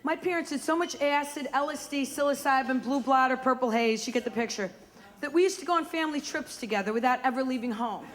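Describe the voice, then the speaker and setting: A woman comedian doing brash, rapid-fire stand-up on a comedy club stage. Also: sits high. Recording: live club recording, loud audience laughter.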